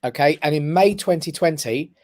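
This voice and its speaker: A man, a guest on a talk show, telling a personal story with lively emphasis and frequent "right?" check-ins. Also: a little high, normal speed, dry recording, clean studio sound. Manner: animated storyteller who keeps checking in with "right?". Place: his office.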